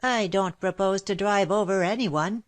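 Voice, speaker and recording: A woman reading aloud, voicing a stout, rough but kindly old market woman with a gruff, authoritative manner. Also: mid-range voice, moderate pace, close to an everyday voice. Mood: brusque.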